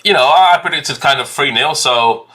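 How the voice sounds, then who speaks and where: A man's voice: medium pitch, normal speed, sharp tone. A man co-hosting a fan football live stream, laughing a lot and calling his co-host mate. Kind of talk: casual football chat.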